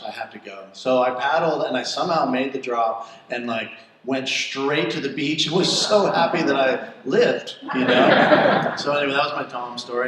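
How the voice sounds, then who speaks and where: A man hosting a live event, telling a lively personal story to an audience and laughing often. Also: medium pitch. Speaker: event host. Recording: echoey room, far from mic.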